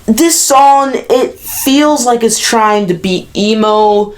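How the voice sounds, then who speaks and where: A woman giving a music album review as an animated, exasperated rant, speaking close to the camera. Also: on the high side, slow.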